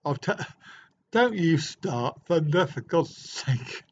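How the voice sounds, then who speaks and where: Answering viewer comments with casual chat and jokes, a middle-aged man streams live from a hotel room. His voice sits on the high side, animated yet slow and a little mellow. The dull, lo-fi livestream audio has slight background noise.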